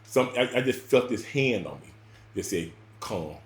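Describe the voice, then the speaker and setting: A man telling a personal story in casual spoken style, rambling and repeating words, with sudden loud bursts and quiet drops. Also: medium pitch, expressive, moderate pace, roomy sound.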